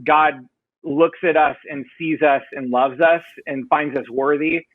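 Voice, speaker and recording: Heard through phone-quality, dry audio, a band vocalist is a guest on a podcast in a casual interview. His fairly high voice stays fairly even and unhurried while he rambles, self-deprecates and fills gaps with fillers.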